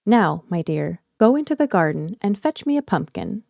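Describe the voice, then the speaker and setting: A woman voicing a kindly old fairy godmother with a feeble, croaking voice, in a storybook reading. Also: lowish voice, big pitch swings, normal speed, darkish tone, no echo, clean studio sound.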